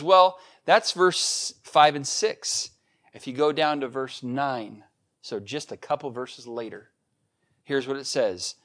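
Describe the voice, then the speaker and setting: Preaching at an unhurried pace, a pastor with a mid-range, fairly bright voice addresses the congregation in a conversational way. His tone becomes emphatic whenever he reads from scripture.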